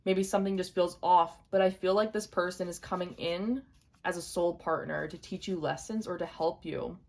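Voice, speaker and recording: This tarot reader is a young woman whose fairly low voice moves at a normal speed. She gives a gentle, intuitive reading to camera, going over her points again for the viewer.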